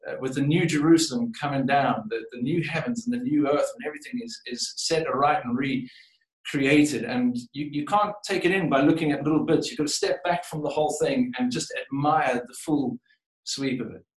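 A man's voice: medium pitch, normal speed. A man reading scripture aloud and preaching a reflective sermon in a church, often restarting and repeating words as he builds his point. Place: church sanctuary. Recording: echoey room, voice from a distance.

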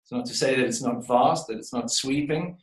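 A man's voice: mid-range voice, a little fast. A man reading scripture aloud and preaching a reflective sermon in a church, often restarting and repeating words as he builds his point. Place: church sanctuary. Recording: echoey room, voice from a distance.

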